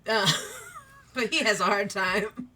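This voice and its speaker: A woman running a tabletop game as game master, narrating and voicing characters in a warm, motherly way. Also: medium pitch, takes it slowly.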